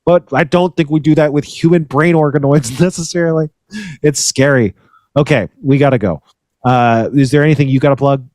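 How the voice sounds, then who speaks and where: A man's voice: a little high, fairly quick, a little mellow, dry recording, clean studio sound. A man co-hosting a podcast in casual chat, rambling and swearing, often restarting his sentences. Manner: rambling, swearing, self-interrupting. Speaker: podcast co-host.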